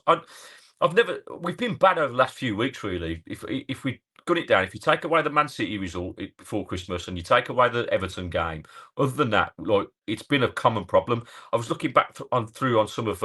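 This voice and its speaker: A man's voice: mid-range voice, big pitch swings, fairly quick, pushed and bright, husky. A man co-hosting a podcast, chatting about football with many restarts over a video call. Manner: hesitant, many restarts and "like", "mate". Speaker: podcast co-host. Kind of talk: casual football chat.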